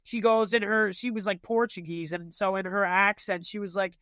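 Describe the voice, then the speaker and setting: Young guy rambling thru spooky stories, high clear voice, dry close sound. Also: steady tone, fairly quick, few pauses, sharp tone, no echo. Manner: rambling, filler-heavy storytelling. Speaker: guest telling ghost stories. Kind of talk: casual chat.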